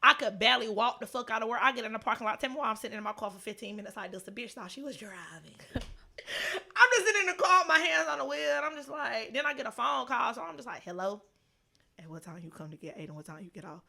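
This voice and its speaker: Animated, profane young woman storyteller. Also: on the high side, fast, vocal fry. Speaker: podcast co-host. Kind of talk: casual storytelling chat.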